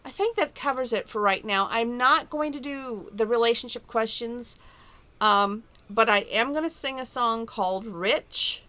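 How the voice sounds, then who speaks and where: A woman's voice: a little high, a little slow, bright, forceful tone. A woman chatting to camera from her bedroom at home, rambling and opinionated about relationships and her plans. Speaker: vlogger. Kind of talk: casual chat to camera.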